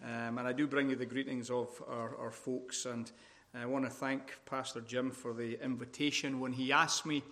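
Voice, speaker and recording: A middle-aged Scottish pastor from Scotland preaching a sermon at a women's conference, speaking deliberately and with good humor. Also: male voice, medium pitch, level tone, bright, forceful tone. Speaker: visiting pastor.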